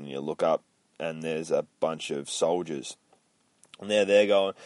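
A man's voice: lowish voice, a little slow, darkish tone, no echo. Rambling, swearing man. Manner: swears a lot, rambling and self-mocking. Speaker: podcast host. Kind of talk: casual comic book recap.

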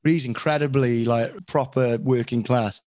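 A man's voice: medium pitch, fairly even intonation, normal speed, a little mellow, dry recording. A Welsh man, a voice actor, talking frankly and at length as an interview guest, often criticising himself. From Wales. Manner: frank, rambling and self-critical. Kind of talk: candid conversational chat.

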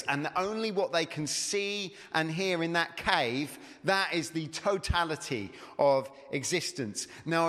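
A man's voice: on the high side, a bit bright. A man preaching a sermon, conversational and digressive, retelling a story before turning to the Gospels. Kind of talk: sermon with read-aloud story. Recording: long hall reverb.

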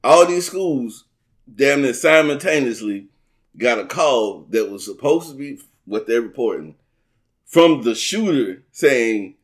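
A man's voice: medium pitch, lively intonation, unhurried. A man co-hosting a casual talk show, telling stories in a laid-back, slangy way. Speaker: podcast co-host. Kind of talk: casual chat.

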